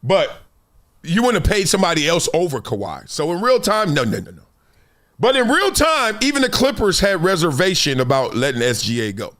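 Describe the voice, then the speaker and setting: Animated slangy male sports host. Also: high voice, fairly quick. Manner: animated, slangy, laughs a lot. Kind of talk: casual live-stream commentary.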